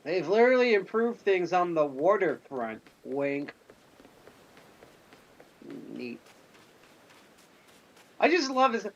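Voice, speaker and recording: A man's voice: sits high, big pitch swings, takes it slowly, pauses often, lo-fi sound. A man giving jokey, casual commentary while he plays a video game on stream. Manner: jokey, chatty, reacts aloud while playing.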